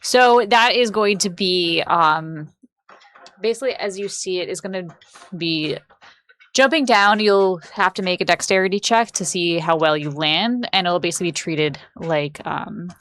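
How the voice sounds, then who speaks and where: A woman running a tabletop game as game master, narrating in a relaxed, chatty way with fillers and laughs. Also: on the low side, normal speed.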